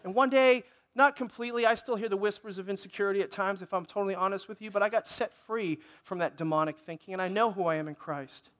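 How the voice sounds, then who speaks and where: A middle-aged man preaches a sermon in an unusually high voice for a man. He delivers it with fervor and keeps asking his congregation for an amen. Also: fast talker, hardly any pauses, a bit bright. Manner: impassioned, calls for amens from the congregation. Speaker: pastor.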